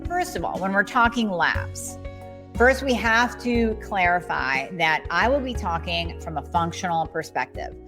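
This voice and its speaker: A middle-aged woman hosting a podcast, talking to listeners in an energetic, enthusiastic way. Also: fairly low pitch, unhurried, music in the background. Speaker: podcast host. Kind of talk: upbeat podcast talk.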